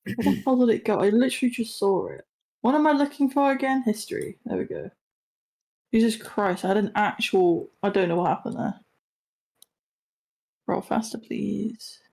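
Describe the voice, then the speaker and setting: A woman's voice: mid-range voice, fairly quick, darkish tone. A woman playing a tabletop game, chatting in a casual, playful way. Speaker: player.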